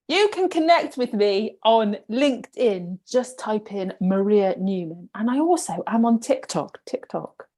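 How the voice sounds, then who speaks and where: A woman's voice: medium pitch, animated, unhurried, few pauses, mellow. A middle-aged woman, a coach and podcast guest, chatting casually in a self-deprecating way. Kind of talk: casual chat.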